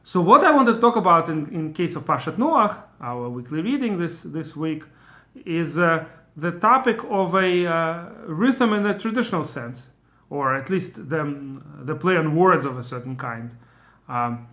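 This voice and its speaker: A man's voice: fairly high pitch, lively intonation, measured pace, pushed and bright. A man teaching a Torah lesson on video, thinking aloud with fillers and restarts and now and then chanting Hebrew verses to show their rhythm.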